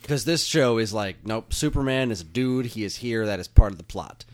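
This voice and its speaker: Rambling low-voiced man chatting. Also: normal speed. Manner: animated, rambling with restarts. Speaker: podcast co-host. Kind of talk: casual chat.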